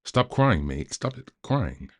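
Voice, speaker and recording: A man's voice: mid-range voice, very animated, slow pace, voice pushed up. A man voicing a small toddler boy who pleads with his crying brother in simple broken speech. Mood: pleading.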